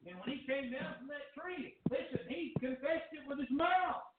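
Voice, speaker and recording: Fervent high-voiced preacher, echoey. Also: male voice, noisy background. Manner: fervent preaching with rising shouts and drawn-out phrases. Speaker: pastor. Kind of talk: sermon. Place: church sanctuary. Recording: distant, echoey, phone-like church recording.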